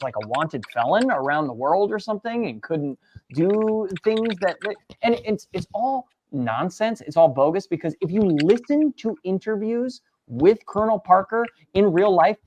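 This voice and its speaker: A woman's voice: on the low side, a little mellow, slight background noise. A woman co-hosting a livestream, talking in an emphatic, playful way and leaning hard on her words. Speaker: co-host. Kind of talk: casual livestream chat.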